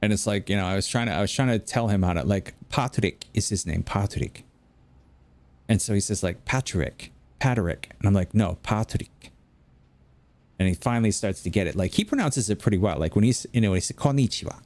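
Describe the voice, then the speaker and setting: A fairly low, slightly mellow male voice comes fast with few pauses as this American gamer chats casually during play. He rambles through anecdotes and keeps starting his sentences over.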